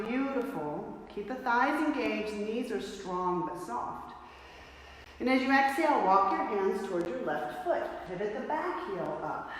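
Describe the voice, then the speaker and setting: A woman teaching a yoga class, giving playful, encouraging cues paced with the breath. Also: a little high. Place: yoga studio. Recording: roomy studio echo with light noise.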